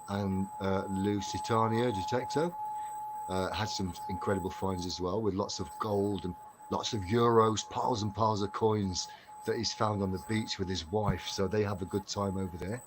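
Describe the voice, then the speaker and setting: A man's voice: on the low side, noisy background. An English man from Derbyshire hosting a casual live stream chat, chatty and laughing often, with plenty of fillers. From Derbyshire, England.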